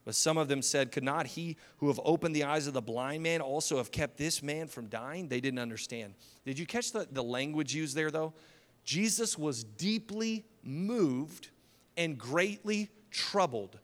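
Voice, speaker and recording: A man preaching a sermon as pastor, impassioned, swinging from loud declarations to hushed, slow lines. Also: fairly high pitch. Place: church hall. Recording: long hall reverb.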